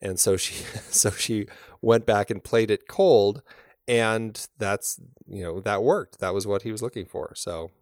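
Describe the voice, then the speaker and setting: A man with a fairly low voice talks casually, circling his point with fillers and false starts. The sound is dry and close, with no room around it. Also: measured pace, no room sound. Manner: thoughtful, rambling with many fillers and restarts. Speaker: podcast co-host. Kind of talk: casual film discussion.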